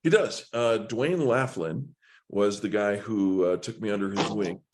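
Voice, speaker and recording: A man in his thirties, a magician appearing as a podcast guest, telling his story in a relaxed, wry way. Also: lowish voice, a little slow, noisy background. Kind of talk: casual interview talk.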